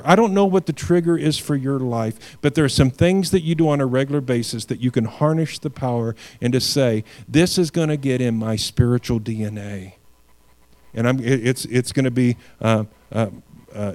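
A man preaching with emphatic swings. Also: a little fast. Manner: earnest preaching, swings from loud emphatic lines to quiet low endings; repeats words when restarting. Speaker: pastor. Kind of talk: sermon.

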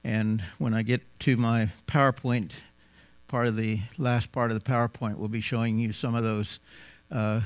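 A man with an American accent, raised in South Africa, giving a folksy, unhurried mission talk to a church congregation with frequent pauses. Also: medium pitch, no room sound. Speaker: missionary guest speaker.

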